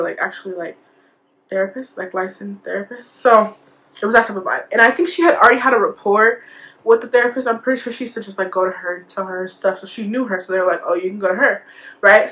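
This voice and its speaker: A young adult woman vlogger recounts a school story casually and chattily, packing it with fillers and quoted dialogue. Her voice is mid-range with a fairly bright tone.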